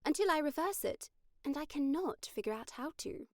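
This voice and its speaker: A woman's voice: high voice, lively intonation, normal speed, no echo. A woman voicing a wry female mage who is fond of pranks, in dry, amused audiobook dialogue.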